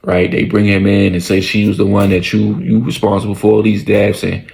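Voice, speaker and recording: A man narrating a storytime in loose, slangy, profane talk, often repeating his lines for emphasis. His voice sits low with a rough, gravelly texture. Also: flat delivery, fairly quick, few pauses, darkish tone.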